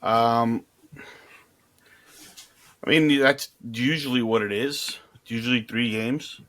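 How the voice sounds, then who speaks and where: A man co-hosting a podcast, talking sports in a relaxed, rambling way with frequent restarts. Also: mid-range voice, takes it slowly. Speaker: podcast co-host. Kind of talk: casual sports chat.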